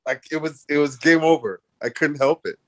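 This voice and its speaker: A man's voice: on the high side, fairly quick, a bit bright. A man from Canada, a guest in an interview, telling a story animatedly with laughs and restarts.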